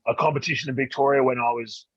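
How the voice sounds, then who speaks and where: Husky man hosting a podcast. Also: medium pitch, no room sound, muffled recording. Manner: relaxed, halting questions with restarts. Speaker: podcast host.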